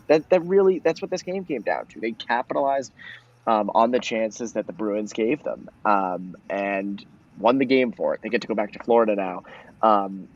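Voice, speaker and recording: Male co-host, casual rambler, raspy voice, muffled lo-fi sound. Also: lowish voice, moderate pace. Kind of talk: postgame hockey discussion. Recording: dull lo-fi audio.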